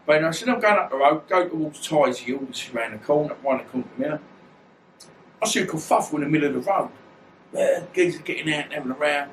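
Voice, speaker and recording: A man's voice: on the high side, animated, quick pace, slight background noise. A man, telling stories in a blunt, rambling, slangy way as an interview guest. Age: 50s. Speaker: guest, former boxer. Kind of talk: casual storytelling. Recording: roomy echo, distant mic, faint ambience.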